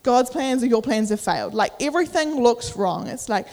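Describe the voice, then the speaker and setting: A woman's voice: on the high side, expressive, moderate pace, a little mellow. A young woman giving a casual sermon at church, chatty with many fillers, acting out inner voices, a little out of breath. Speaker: youth preacher. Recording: echoey church hall.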